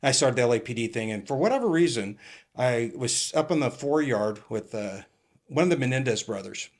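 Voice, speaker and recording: A man's voice: medium pitch, animated, brisk. A middle-aged man from California, a retired police captain, telling rambling stories in a casual interview, swearing and acting out what people said. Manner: rambling, swears, acts out quoted lines.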